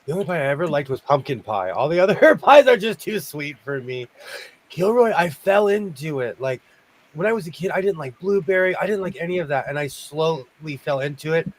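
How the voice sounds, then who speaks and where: A man's voice: fairly high pitch, animated, brisk, a little hiss or hum. Jokey rambling male host. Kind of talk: casual chat.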